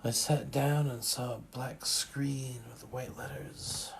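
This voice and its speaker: A man narrating a first-person audiobook in a measured, dry manner. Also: mid-range voice, fairly even intonation, gravelly, a little hiss or hum.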